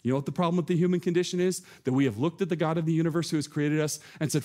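A man preaching a sermon from a church stage, earnest and building to animated emphasis. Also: on the high side, very fast, few pauses. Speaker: pastor.

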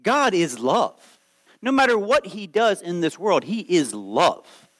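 A man in his late thirties preaching a sermon, lively and conversational, acting out quoted voices as he goes. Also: sits high, slow, rough recording. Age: 30s. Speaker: pastor.

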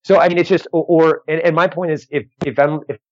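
A man's voice: on the high side, fairly even intonation, quick pace, darkish tone, no room sound, highs cut off. A man who does stand-up comedy, chatting casually and telling a story with lots of restarts and voiced quotes.

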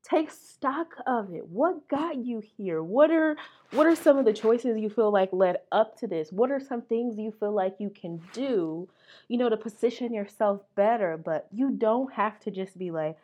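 A woman's voice: fairly high pitch, expressive, measured pace, mellow, lo-fi sound. A young woman hosting a podcast, talking candidly and earnestly about mental health in casual slang and getting emotional at times. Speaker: podcast host. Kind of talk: candid motivational talk.

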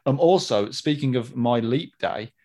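A man's voice: mid-range voice, lively intonation, a little slow, warm tone. Friendly man co-hosting a podcast. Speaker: podcast co-host. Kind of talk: casual chat, reading listener mail.

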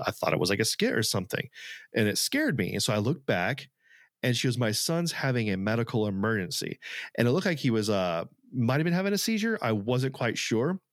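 A man's voice: mid-range voice, dry recording, clean studio sound. A man co-hosting a podcast, talking casually and earnestly, rambling with fillers and restarts. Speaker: podcast co-host. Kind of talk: casual chat.

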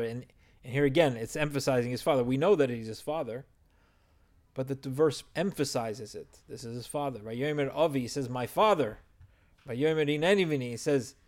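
A man's voice: mid-range voice, a little mellow. A man teaching a verse-by-verse Torah text study, explaining and translating Hebrew phrases as he goes.

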